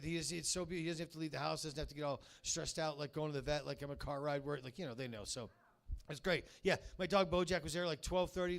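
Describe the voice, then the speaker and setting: A man doing a stand-up set at a comedy club, firing off punchy one-liners with loud bursts and muttered asides. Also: a little high. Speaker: stand-up comic.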